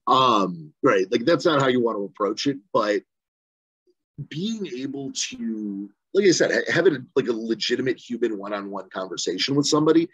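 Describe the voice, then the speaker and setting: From a room at home, a man runs a casual virtual training that coaches volunteers on phone banking, rambling conversationally with lots of fillers and "right?" checks. His medium-pitched voice is expressive, fairly bright and husky, at normal speed. Picked up by a video call mic, the sound is dry with no room echo and lo-fi.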